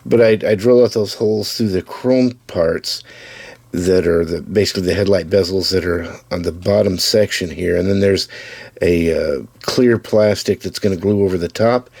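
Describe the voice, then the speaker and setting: A man with a low voice gives a casual build update, pointing out parts as he handles a model car. He stays easygoing and plain, with small restarts now and then. The sound is dry, with little room around it. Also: normal speed, a little mellow, no room sound. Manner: easygoing, talks to camera while showing parts, with small restarts. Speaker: hobbyist building custom slot cars.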